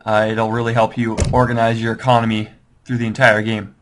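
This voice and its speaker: A man's voice: lowish voice, completely flat delivery, a little fast, background noise. A man casually walking viewers through a strategy game, rambling and second-guessing his choices, with a self-deprecating manner. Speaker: gaming tutorial host. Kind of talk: casual gameplay walkthrough.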